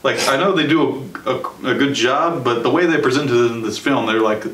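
Young male host, sarcastic casual reviewer, mid pitch, distant echoey mic. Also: a bit bright, a little hiss or hum. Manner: sarcastic, chatty, quick asides with laughs. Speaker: show host and movie reviewer. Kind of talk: casual spoken movie review. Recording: roomy sound from a distance.

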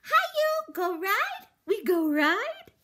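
Boots, a woman doing a shrill excited toddler girl. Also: drawn-out words, full character voice. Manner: shrill, babyish broken speech.

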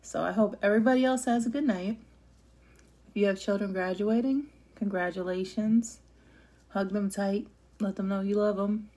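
Chatty mellow-voiced woman vlogger. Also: medium pitch, steady tone, normal speed. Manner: chatty, rambling, emotional. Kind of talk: casual eating-show chat.

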